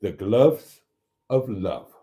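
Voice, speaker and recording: Camp, slow-talking man. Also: fairly low pitch, very animated, mellow. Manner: camp and theatrical, swooping voice, calls viewers darlings. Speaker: live-stream host. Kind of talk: chatty live-stream hosting.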